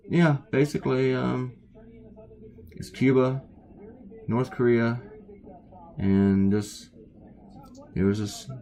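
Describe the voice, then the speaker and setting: Tired, gravelly-voiced man rambling. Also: fairly low pitch, dark tone. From United States. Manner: rambling, wandering off topic. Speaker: cartoonist. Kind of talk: casual chat while drawing.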